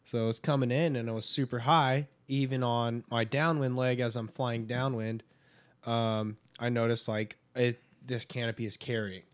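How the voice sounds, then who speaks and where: A young adult man joins a chat as a guest and tells his stories in a laid-back way, swearing freely. His voice sits at an ordinary middle pitch for a man. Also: steady tone, moderate pace, smooth. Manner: laid-back, profane storytelling. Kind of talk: casual chat.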